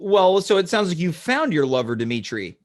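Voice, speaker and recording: A man hosting a comedy talk show, asking earnest questions in a deadpan way. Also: sits high, a little fast. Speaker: host.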